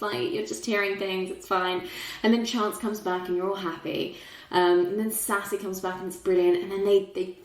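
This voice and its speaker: A woman hosting a podcast, retelling a film in casual chat with animated, emotional pitch jumps. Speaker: podcast host. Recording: roomy echo.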